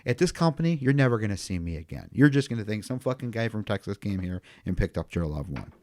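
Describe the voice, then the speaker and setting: A man's voice: lowish voice, sing-song, fast talker, darkish tone, dry recording. A man, a funeral home owner, chatting casually on a podcast and telling rambling stories with plenty of swearing. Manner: profane, rambling storyteller.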